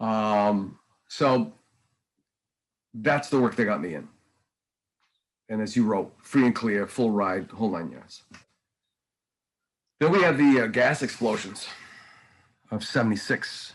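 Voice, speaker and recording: A man's voice: fairly low pitch, normal speed, rough recording. A man in his sixties, a painter guest on a podcast, telling long stories in casual talk with many ums and restarts. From New England. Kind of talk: casual conversational interview.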